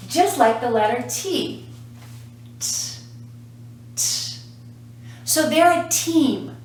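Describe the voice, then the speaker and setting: A woman teaching pronunciation, speaking slowly and patiently in a somewhat high voice and repeating each sound so learners can copy it. She is recorded from a distance in a very echoey room, with a faint hum underneath. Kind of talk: classroom lesson to camera.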